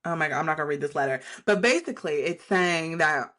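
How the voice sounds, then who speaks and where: A woman with a fairly low voice rants casually and bluntly about politics, swearing freely. She drifts from tangent to tangent in an unscripted, conversational way. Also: fast, a bit bright. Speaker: political commentary host.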